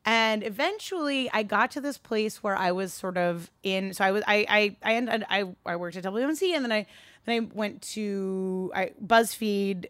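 A woman giving a candid, animated talk to a live audience, swearing freely and rising into a high register when worked up. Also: normal speed, no room sound. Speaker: speaker addressing a live audience.

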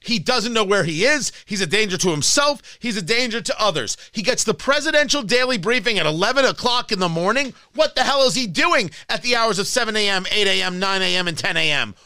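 High, lively, combative male talk host. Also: a little fast, few pauses, dry recording. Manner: combative, ranting, scornful. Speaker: political talk show host. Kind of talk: opinion monologue.

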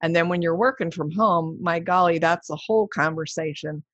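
A woman hosting an interview, chatting in an enthusiastic, lively way. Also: fairly low pitch, normal speed, no echo. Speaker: podcast host. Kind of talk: conversational interview. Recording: dry, dull lo-fi sound.

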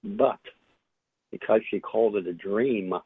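Over a dry, tinny phone line comes the low, gravelly, husky voice of an older man being interviewed. He tells his story reflectively and haltingly, with plenty of fillers and restarts, his intonation fairly even, and the recording is dry.

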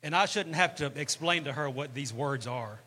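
A man's voice: on the high side, normal speed, pushed and bright. A man speaking earnestly and emphatically at a convention. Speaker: interviewee. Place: convention floor.

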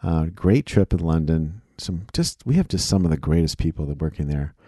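A man's voice: extremely low pitch, lively intonation, normal speed, warm tone, no room sound, studio quality. A man hosting a casual solo show, rambling in a playful, self-deprecating way. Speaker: podcast host.

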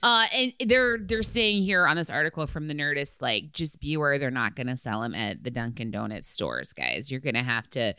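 Young woman co-host, animated and chatty, bright clear tone, dry close sound. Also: very deep voice, normal speed, hardly any pauses, no room sound. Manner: chatty, lots of fillers, swears casually. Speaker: podcast co-host. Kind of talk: casual chat.

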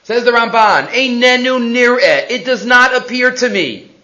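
A man gives a weekly Torah portion lesson in a strikingly high voice. He teaches with animation and poses rhetorical question after question. Hebrew phrases run all through his English explanations. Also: animated, measured pace, sharp tone, lo-fi sound.

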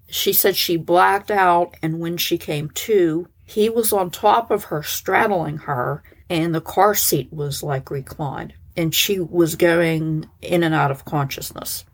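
A woman casually recounting a true crime case as a podcast host, chatty and conversational. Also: lowish voice. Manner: conversational, lots of "like" and "so he goes". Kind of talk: casual storytelling narration.

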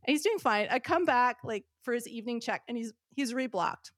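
This is a woman in her fifties with a fairly high voice, telling a story as a podcast guest. She is animated and laughs often, and she acts out the lines of the people in her story. The sound is dry and close. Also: a little fast, no room sound. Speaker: podcast guest, veterinary surgeon. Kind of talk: casual storytelling chat.

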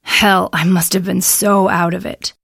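A woman voicing a shy, polite young man in a spoken story, talking softly with a gravelly edge. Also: high-pitched, little pitch movement, measured pace, no echo, studio quality, exaggerated voice. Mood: shy, friendly.

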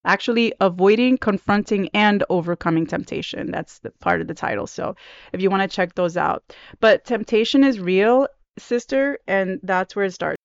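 A woman hosts a devotional podcast in an earnest, chatty way, often restarting her sentences. Her voice is smooth and clear. The recording is dry and a little dull. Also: mid-range voice, normal speed, no room sound. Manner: earnest, conversational, with many restarts. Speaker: podcast host.

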